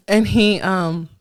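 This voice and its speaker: A woman co-hosting a podcast, telling a story in casual chat, animated and dropping in Spanish words. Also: medium pitch, background noise. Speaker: podcast co-host.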